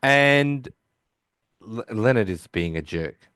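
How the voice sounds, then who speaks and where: A man's voice: mid-range voice, animated, slow, a bit bright, clear, resonant tone, no room sound, studio quality. A man co-hosting a podcast, casually recapping an episode by quoting the characters' lines, with lots of restarts. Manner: rambling, with frequent restarts. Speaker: podcast co-host.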